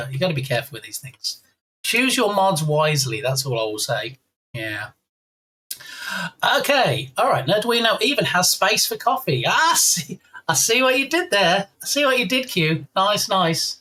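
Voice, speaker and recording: A man's voice: a little high, sharp tone, poor audio. An English man streaming live with a slight frog in his throat, chatting casually and reading out and thanking viewers' chat messages. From England. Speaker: game dev streamer.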